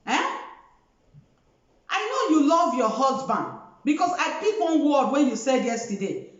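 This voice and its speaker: Scolding woman, high voice. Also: big pitch swings, unhurried. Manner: lecturing, scolding, keeps asking "Eh?". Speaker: host. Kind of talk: scolding commentary monologue. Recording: echoey dull lo-fi room.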